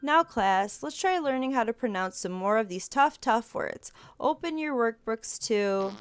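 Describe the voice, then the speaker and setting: A woman voicing a stern, pompous male schoolteacher who scolds in a prim, formal way over soft game music. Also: fairly high pitch, expressive, a little slow, clear, resonant tone, dry recording. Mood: scolding.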